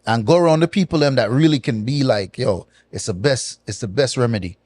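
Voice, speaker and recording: Man with speech. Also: medium pitch. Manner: animated, patois-laced, drawn-out pauses. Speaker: guest. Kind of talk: casual storytelling interview.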